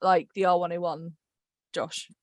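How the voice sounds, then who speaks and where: A woman's voice: fairly low pitch, flat delivery, measured pace, no echo. A woman hosting a casual podcast chat with her cast, chatty and laughing often. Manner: giggly, chatty. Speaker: podcast host and writer.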